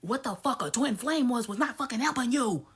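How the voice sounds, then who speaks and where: A woman ranting bluntly to her viewers, cursing a lot and swinging from low mutters to loud outbursts. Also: expressive, brisk, slightly rough. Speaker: vlogger. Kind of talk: profane rant to camera.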